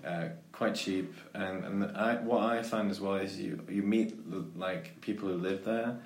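A man's voice: low-pitched, steady tone, a little slow, echoey room, a little hiss or hum. A man casually chatting and telling a rambling anecdote, full of restarts and fillers.

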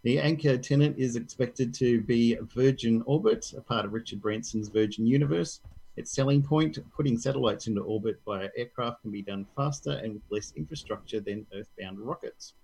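A man co-hosting a tech news podcast, reading stories aloud and dropping jokes between them. His voice has a gravelly edge and a husky, slightly breathy texture. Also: mid-range voice, moderate pace, dark tone, rough recording. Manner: reads news articles aloud, joking. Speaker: podcast co-host. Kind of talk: casual tech news chat.

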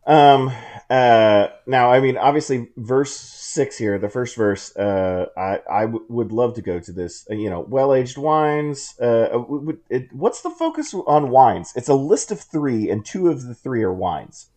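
A man's voice: medium pitch, animated, a little slow, darkish tone. A man co-hosting a casual Bible study podcast, asking curious questions, hesitant and full of fillers. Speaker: co-host.

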